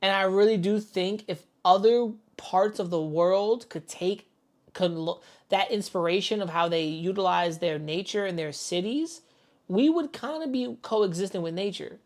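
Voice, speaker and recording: A woman from the Bronx, reacting to a video with loud, profane outbursts. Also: medium pitch, moderate pace. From the Bronx, New York. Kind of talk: casual reaction commentary.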